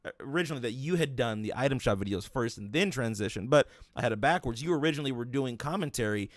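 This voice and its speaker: A man's voice: medium pitch, lively intonation, fast, dry recording, clean studio sound. A young man hosting an interview, talking in a rambling casual way with many restarts and fillers. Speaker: podcast host interviewing a guest.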